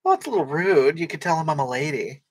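A man voicing a brash, tearful, crude middle-aged woman who rambles through a comic livestream, reading chat comments with halting restarts. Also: on the high side, very animated, breathy edge. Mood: indignant.

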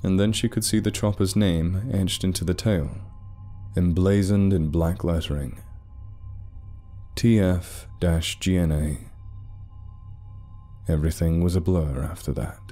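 A deep, mellow male voice tells a dark story. He reads at a measured, dramatic pace. Faint background music plays beneath him. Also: steady tone. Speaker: narrator. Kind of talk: scripted story narration.

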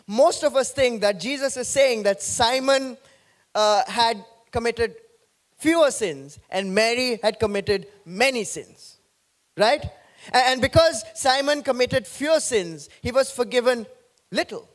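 A man pastor preaching an animated sermon, joking with the congregation. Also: very high voice, measured pace.

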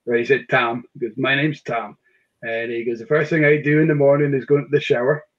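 A man hosts a relaxed online whisky chat. His pitch sits mid-range, and he hesitates often with fillers and restarts. The sound is dull and lo-fi, like a video call. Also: quick pace. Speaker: whisky shop host.

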